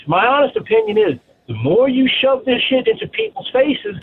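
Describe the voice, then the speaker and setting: A man's voice: extremely high pitch, huge pitch swings, moderate pace. Blunt profane male caller on a phone line. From New Orleans. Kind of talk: phone-in opinion. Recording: tinny phone line with faint noise.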